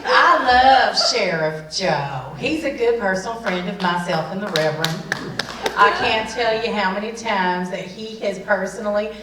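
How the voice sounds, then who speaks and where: An actress playing a gushing, folksy conservative pastor's wife in a live improv bit. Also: female voice, mid-range voice, moderate pace, natural voice. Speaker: improv performer. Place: theater stage before an audience. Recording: roomy hall, distant mic, noise.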